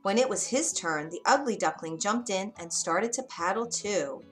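A woman narrating an animated fairy tale for children in a lively, expressive read-aloud manner. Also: medium pitch, moderate pace, soft background music. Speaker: storyteller.

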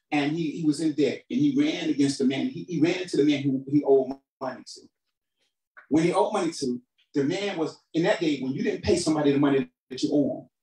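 A man preaching a sermon as pastor, calling for responses from the congregation and swinging between shouted emphasis and quiet, low asides. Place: church hall. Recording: roomy hall sound from a distant mic.

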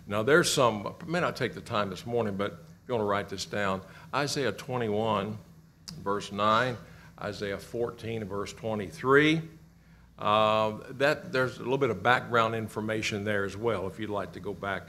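A middle-aged man from Kentucky teaching a church Bible class, asking the class questions and repeating their answers with animated emphasis. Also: lowish voice, normal speed, slight background noise.

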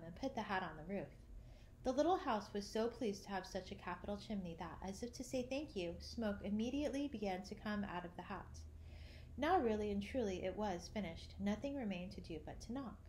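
Lady reading a kids' storybook, mid pitch, a bit of hiss behind. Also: darkish tone. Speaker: audiobook narrator.

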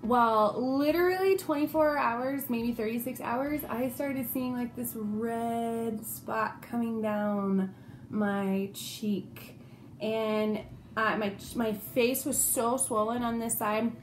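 A young woman vlogger telling a personal story in a casual, animated way, acting out the quotes as she goes. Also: fairly high pitch, slow, slight background noise.

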